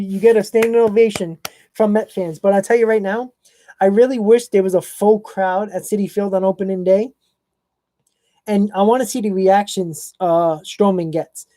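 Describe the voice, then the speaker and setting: Male live-stream host, mellow tone, opinionated and blunt, casual chat delivery. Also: high voice, dry recording. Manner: blunt, opinionated, answers chat viewers by name.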